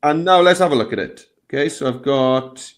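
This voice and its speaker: A man of middling pitch leads a live design tutorial. He talks in a chatty way and walks the viewers through each step on screen. His voice sits right in the middle of the male range. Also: moderate pace. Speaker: tutorial host. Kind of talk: live software lesson.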